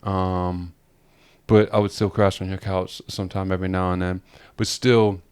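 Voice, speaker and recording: A man with a fairly low voice spins a long, animated story on a podcast. He rambles, circles back and laughs often in easy, casual chat. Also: moderate pace, clear, resonant tone. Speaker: podcast co-host.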